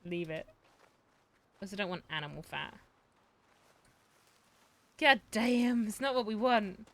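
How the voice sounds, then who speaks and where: Lively, profane woman streamer. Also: mid-range voice, takes it slowly, no echo. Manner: profane, excitable, talks to herself and chat. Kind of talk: live gameplay commentary.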